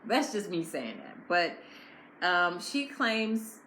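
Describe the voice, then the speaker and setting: A woman's voice: on the low side, sing-song, takes it slowly, pushed and bright. A woman giving a casual, blunt and opinionated recap of a reality show episode. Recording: echoey room with faint noise.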